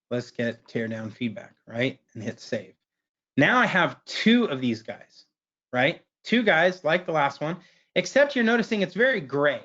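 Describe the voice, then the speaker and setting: A man's voice: mid-range voice, a bit bright. Man, webinar presenter, casual screen-share walkthrough, slightly muffled audio. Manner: casual, keeps asking "right?". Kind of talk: screen-share software demo.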